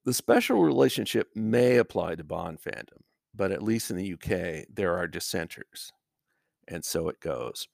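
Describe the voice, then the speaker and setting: Older american guy doing his podcast, low and gravelly, kinda wry, dry close mic. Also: very animated, normal speed, darkish tone, no echo. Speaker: podcast host. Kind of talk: solo podcast commentary.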